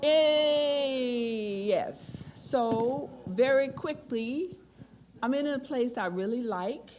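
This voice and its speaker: Older woman telling an animated story. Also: high voice, very slow, noisy background. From United States. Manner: animated, with acted-out quotes. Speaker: keynote speaker. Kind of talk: storytelling Q&A answer.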